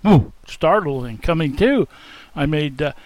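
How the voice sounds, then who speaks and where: A man's voice: fairly high pitch, expressive, measured pace, a little mellow, no echo, rough recording. Folksy man telling a first-person story. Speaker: storyteller in character. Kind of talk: first-person dramatic monologue.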